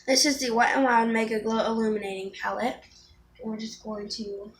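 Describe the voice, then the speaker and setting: Teen girl beauty vlogger, casual and chatty, slightly high voice, faint room noise. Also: little pitch movement, moderate pace. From Florida. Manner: chatty, rambling, with frequent ums and restarts. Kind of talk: casual makeup tutorial chat.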